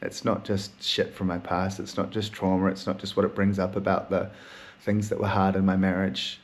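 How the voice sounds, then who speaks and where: A man's voice: sits low, monotone, moderate pace. A man hosting a solo podcast, talking in a raw, emotional, rambling way and swearing often. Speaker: podcast host.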